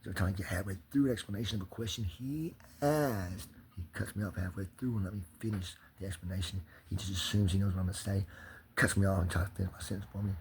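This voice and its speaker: A man's voice: low-pitched, steady tone, quick pace, darkish tone, a little hiss or hum. A man ranting in an agitated, profane and rambling way, speaking straight to the camera as a vlogger. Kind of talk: angry personal rant.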